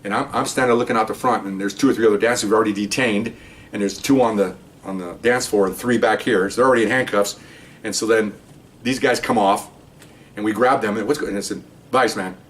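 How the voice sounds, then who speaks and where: Older man telling cop stories, fast and animated. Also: fairly low pitch, distant mic. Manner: animated, acts out voices in quotes. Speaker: retired police officer telling stories. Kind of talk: casual storytelling to camera.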